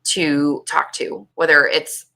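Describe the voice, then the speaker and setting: A woman's voice: low voice, fairly even intonation, slow, vocal fry, pushed and bright. A woman hosting a podcast, telling a personal story in a candid, emotional way and swearing freely. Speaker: podcast host.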